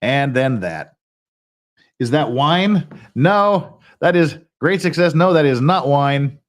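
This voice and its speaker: A man hosting a late-night livestream, talking to his viewers in a loose, rambling way. His voice sits a little high for a man and swings up and down a lot as he jumps between thoughts. He grumbles in a mild, self-mocking way. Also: takes it slowly. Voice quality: animated, self-deprecating, swears mildly. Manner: rambling with frequent restarts and laughs. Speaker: livestream host. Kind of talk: casual livestream chat.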